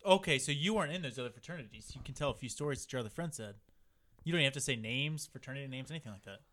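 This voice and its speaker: Very fast-talking man. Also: medium pitch, lively intonation, bright, forceful tone. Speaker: podcast co-host. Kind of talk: casual chat.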